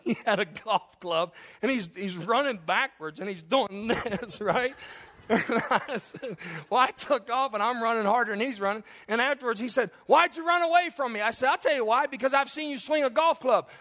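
Male pastor, high bright voice, comic sermon storytelling, chuckles at his own jokes. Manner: laughs often at his own stories, animated.

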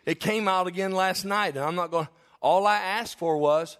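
A man's voice: high voice, normal speed, a bit bright. A male pastor preaching a sermon in church, telling confessional, humorous stories to his congregation.

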